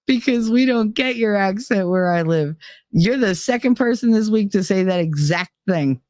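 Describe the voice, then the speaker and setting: A woman from New Jersey with a New Jersey accent, chatting casually on a live stream, reading out her chat and answering it in a blunt, animated way with plenty of swearing. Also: medium pitch, a little slow, pauses often, no room sound, studio quality.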